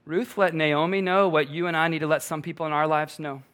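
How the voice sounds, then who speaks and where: Male pastor, sermon, bright forceful tone, emphatic, repeats key lines. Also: a little high, steady tone, a little fast, smooth.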